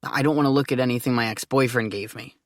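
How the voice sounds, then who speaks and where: A woman voicing a guarded, cynical teenage boy in an audiobook, talking in a flat, tight way. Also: extremely low pitch, quick pace, dry recording, clean studio sound.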